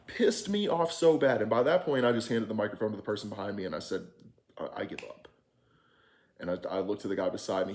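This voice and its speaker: A man's voice: medium pitch, a little mellow. A man telling a frustrated, candid story in a casual, rambling way, swearing freely and restarting his sentences often. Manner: rambling with frequent fillers and restarts. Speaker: vlogger recounting an experience.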